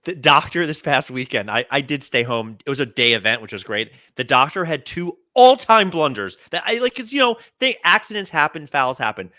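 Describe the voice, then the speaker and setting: A man co-hosting a casual comedy podcast with a bright, forceful voice that swings all over the place. He tells comic news stories and acts out quotes in a lively, animated way. The sound is close and dry. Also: fairly high pitch, fairly quick, hardly any pauses, no echo. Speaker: podcast co-host.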